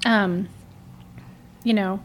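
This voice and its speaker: A woman's voice: mid-range voice, steady tone, drawn-out words, a little hiss or hum. A woman talking in a casual book discussion, emphatic and chatty, with many "like"s and "you know"s. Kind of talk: casual book club chat.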